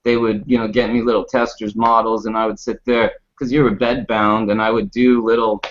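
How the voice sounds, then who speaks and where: A man on a discussion panel telling a funny personal story in a casual, animated way with lots of laughing, on a muffled recording. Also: on the low side, a little fast. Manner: animated, laughing anecdote with acted quotes. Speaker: panel guest.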